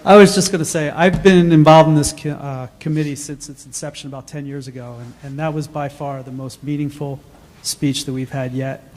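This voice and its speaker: A man's voice: fairly high pitch, steady tone, a little fast, darkish tone. A man hosting an awards dinner for his committee, speaking in a light, joking way. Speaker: event host from the organizing committee. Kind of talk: casual emcee remarks. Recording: reverberant hall with crowd.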